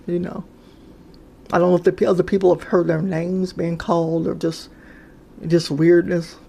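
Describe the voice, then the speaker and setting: With a warm, husky, creaky voice on the low side, a woman tells of paranormal things that happened to her. Her casual storytelling rambles and hesitates, full of fillers and restarts.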